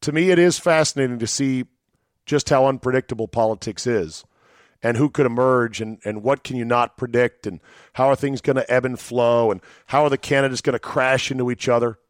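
A man's voice: medium pitch, fairly even intonation, fairly quick, no echo, studio quality. A man hosting a solo podcast, talking in a sardonic, rambling way with chuckling asides. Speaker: podcast host.

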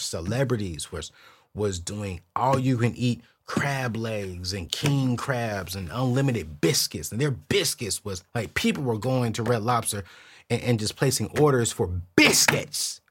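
A man with a husky, slightly breathy voice talks straight to camera as a show host. His pitch swings widely as he tells a slangy, candid story, and he stumbles over repeated words when he gets excited. The delivery is casual and chatty throughout. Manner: slangy, keeps it real with viewers.

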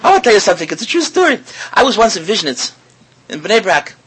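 A man preaching in a high, bright, slightly husky voice. He swoops up and down in pitch, fires rhetorical questions at his listeners and repeats words as he builds a point. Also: sing-song, fast, low-quality recording. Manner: mixes in Hebrew and Yiddish words. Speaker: rabbi giving a talk. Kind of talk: sermon to an audience.

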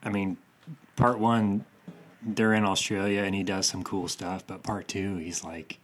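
A man's voice: sits low, level tone, unhurried. A man talking casually about movies in a laid-back way, often with short interjections. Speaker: podcast co-host.

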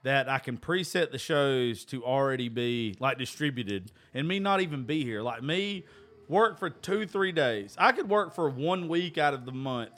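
A man's voice: medium pitch, expressive, normal speed, fairly bright tone. Profane, laughing male storyteller. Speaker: podcast host. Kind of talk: casual storytelling chat.

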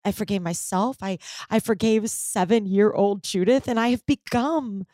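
A woman's voice: medium pitch, moderate pace, warm tone, no echo. A middle-aged woman telling a personal story in a candid, emotional way, swearing often. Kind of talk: personal story told to listeners.

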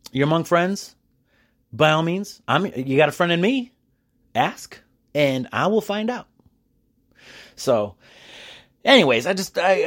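A man talks through a casual solo podcast episode, chatty and animated, often restarting his sentences and breaking into quick laughs. His voice sits at an ordinary middle pitch for a man. He records alone in a quiet house at night. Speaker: podcast host.

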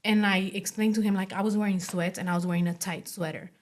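Young woman guest, casual storytelling, leans on "like", acts out other people's lines, mid-pitched. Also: steady tone. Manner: speaks in quick runs full of "like", acting out what others said. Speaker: interview guest.

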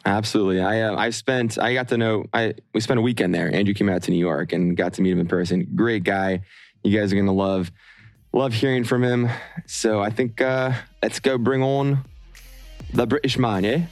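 A man's voice: fairly low pitch, fairly even intonation, normal speed, no echo, faint music behind. A man co-hosting a casual podcast chat, laid-back and hesitant, with lots of fillers. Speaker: podcast co-host.

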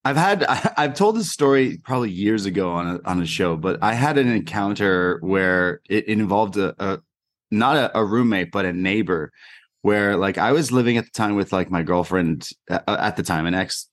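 Laid-back low-voiced man telling stories. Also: moderate pace, dry recording, studio quality. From Canada. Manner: animated anecdote-telling, many fillers. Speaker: podcast co-host. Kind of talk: casual chat, storytelling.

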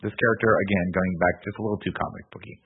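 Low-voiced man, tinny phone-like sound. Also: steady tone, breathy edge. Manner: recaps scenes briskly, quoting characters. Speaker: podcast co-host. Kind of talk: casual film recap chat.

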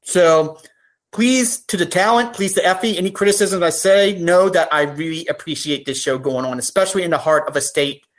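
A woman's voice: fairly low pitch, moderate pace. A woman talking as a podcast guest, earnest and open, turning emotional on serious points. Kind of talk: casual podcast chat.

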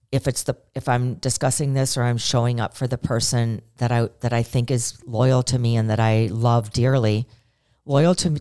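A woman's voice: a bass voice, mellow. A woman co-hosting a podcast, talking earnestly and emotionally, often repeating phrases. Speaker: podcast co-host. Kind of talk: casual conversation.

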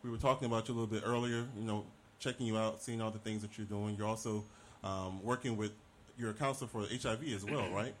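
A man's voice: fairly low pitch, steady tone, fast. A man hosting a talk show, chatting casually and introducing a guest in an easygoing manner. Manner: easygoing, affirming listener.

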